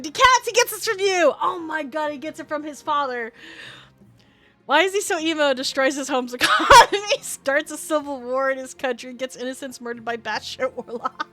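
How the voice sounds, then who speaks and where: High, bright-voiced giggly woman streamer. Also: moderate pace, soft background music. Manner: giggly, chatty, animated reactions. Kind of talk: live game stream commentary and reading aloud.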